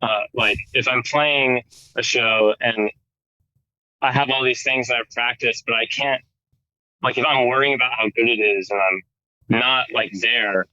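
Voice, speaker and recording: American guy in his 30s chatting loose, lots of likes, bright voice, slightly dull dry audio. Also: medium pitch, fairly even intonation, a little slow. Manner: rambling, lots of "like" and restarts. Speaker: guest guitarist. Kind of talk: casual conversation.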